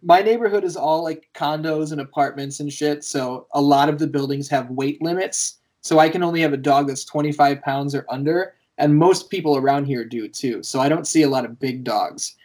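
A podcast host chats casually in a mid-range voice at normal speed with few pauses. An animated storyteller, the host laughs often and swears casually throughout.

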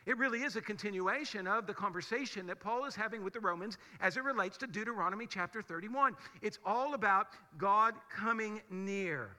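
A man's voice: sits high, brisk, hardly any pauses, bright, forceful tone. A male pastor delivering a conversational, emphatic sermon full of rhetorical questions in a large church sanctuary. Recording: long hall reverb of a church.

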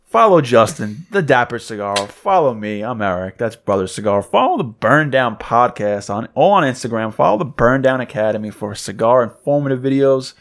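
A man's voice: mid-range voice, animated, moderate pace, few pauses, a bit bright. A man co-hosting a casual cigar podcast, laid-back and often laughing as he tells stories. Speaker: podcast co-host. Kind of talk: casual chat.

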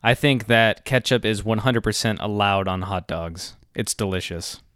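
A man co-hosting a podcast in casual chat, profane and quick to joke. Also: fairly low pitch, fairly bright tone, clean tone, no room sound, clean studio sound. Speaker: podcast co-host.

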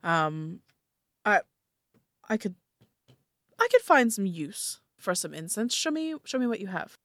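A shrewd male merchant played by a woman bargains in a hesitant, stammering way. He is voiced in a tabletop role-play. The sound is dry and close, with a middle pitch. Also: sing-song, measured pace, no echo. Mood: cagey.

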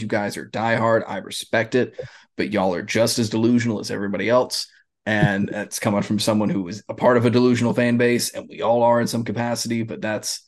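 Man, sports podcast co-host, casual joking chat, swears freely. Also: mid-range voice.

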